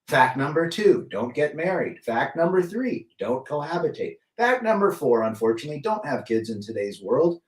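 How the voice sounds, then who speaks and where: A middle-aged man hosts a casual livestream in a fairly high, very animated voice, talking at normal speed with hardly any pauses. He reads chat, greets people by name, and gives blunt opinions. The mic is distant, with roomy echo.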